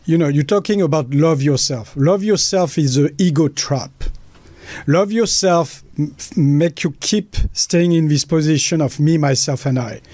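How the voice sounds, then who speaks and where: A man's voice: a little high, unhurried, mellow, dry recording. A man with a French accent, speaking as a guest in a passionate, blunt way. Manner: emphatic, blunt, acts out quoted voices. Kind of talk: passionate conversation.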